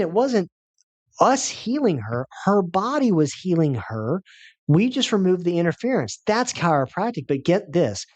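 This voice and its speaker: A man's voice: a little high, no room sound. A man giving a health seminar as a chiropractor, telling a patient's story with emphatic, repetitive phrasing.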